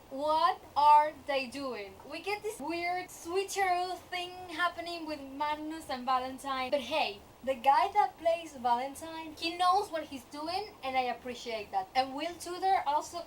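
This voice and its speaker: A young woman vlogger in a casual, animated rant about a TV show, exasperated and often laughing. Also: high-pitched, normal speed, few pauses, recorded from a distance, slight background noise, rough recording.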